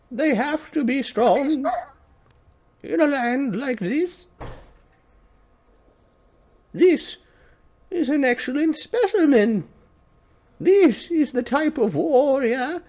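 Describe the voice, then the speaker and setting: A man voicing a high-pitched old male monk master who speaks in slow, measured pronouncements. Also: vocal fry, darkish tone, heavily acted.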